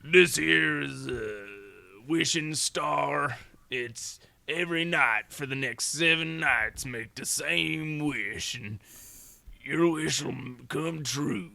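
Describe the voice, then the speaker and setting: A man doing a gruff, slow-drawling cowboy stranger in a mock-serious, solemn way. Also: on the high side, sharp tone, dry recording, exaggerated voice.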